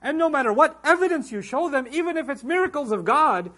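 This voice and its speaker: A man's voice: very high-pitched, animated, a little fast, hardly any pauses, pushed and bright. A man teaching a Quran lecture, speaking emphatically and reciting Arabic verses between his English explanation. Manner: emphatic, acts out quoted voices. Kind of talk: religious lecture.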